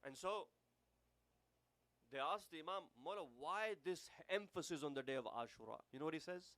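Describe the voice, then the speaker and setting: A man with a British accent delivering a sermon, building to emphatic peaks and then falling to hushed, solemn tones. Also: on the high side, animated, moderate pace, no room sound. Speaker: preacher.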